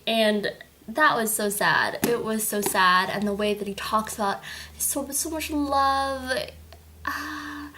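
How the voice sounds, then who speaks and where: A woman chatting casually in a book review vlog, gushing and animated as she recaps the story. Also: fairly high pitch, a little slow, a little hiss or hum. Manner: animated, gushing, with acted-out quotes.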